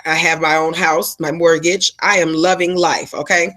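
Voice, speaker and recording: A woman's voice: low voice, moderate pace. Sassy laughing woman telling a story. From Georgia, USA. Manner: animated, sassy, laughing, quotes people in loud raised voices. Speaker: vlogger. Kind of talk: casual storytime to camera.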